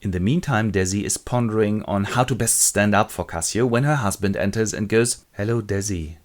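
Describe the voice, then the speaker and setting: A man's voice: on the low side, brisk. A man telling a play as a wry, chatty comic retelling. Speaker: narrator and presenter.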